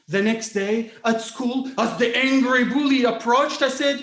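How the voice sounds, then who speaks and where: A man giving a dramatic storytelling speech at a speech contest, expressive and theatrical with dramatic pauses, recorded in an echoey hall. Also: extremely high pitch.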